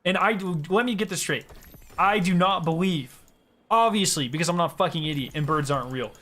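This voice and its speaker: A young man with a fairly high, fairly bright voice talks a little fast while streaming a game. He chats casually with viewers, joking, swearing and laughing often.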